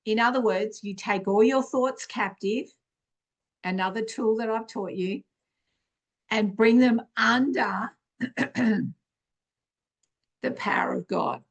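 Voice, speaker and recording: A middle-aged woman gives informal spiritual teaching as a podcast host, speaking in an unhurried, conversational way and clearing her throat often. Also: fairly high pitch, expressive.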